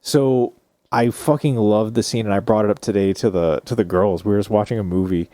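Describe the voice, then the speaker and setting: A man with a dark, mellow voice, recorded close and dry. He chats in a laid-back, profane way about favorite scenes, jumping into quoted lines. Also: fairly low pitch, steady tone, a little fast, dry recording. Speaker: podcast co-host. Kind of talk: casual movie chat.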